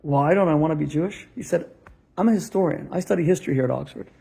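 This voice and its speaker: Gravelly, animated rabbi telling a story. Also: male voice, a little high, fast talker. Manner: animated storyteller acting out both sides of a dialogue, punchlines with laughs. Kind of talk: storytelling sermon to a live audience.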